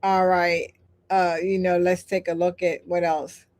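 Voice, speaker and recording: A woman's voice: fairly low pitch, flat delivery, measured pace, a little mellow. An older woman hosting a live stream, talking in an emphatic, repetitive, preacher-like cadence and breaking off for chatty asides while she reads the chat. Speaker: host. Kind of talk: live-stream talk reading chat comments.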